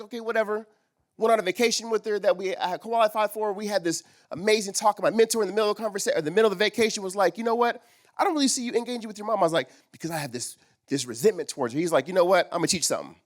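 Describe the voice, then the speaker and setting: Animated man telling a story on stage. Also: high-pitched. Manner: animated, acts out quoted dialogue. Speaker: speaker at a men's summit. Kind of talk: storytelling talk. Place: live event stage.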